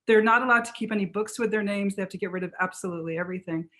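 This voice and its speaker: Woman author, book talk guest, lively fast storytelling, mid-pitched. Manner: animated, fast storytelling with restarts.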